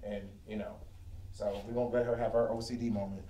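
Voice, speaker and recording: A man's voice: fairly low pitch, level tone, a little fast, dark tone. A man hosting a live-streamed finance lesson from a studio with a whiteboard, talking in a casual, joking, chatty way. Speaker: host and financial educator. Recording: echoey room.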